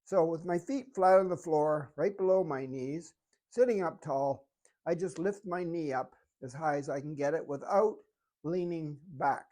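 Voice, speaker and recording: Fitness instructor, calm step-by-step coaching, mid pitch, exercise video. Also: a little slow.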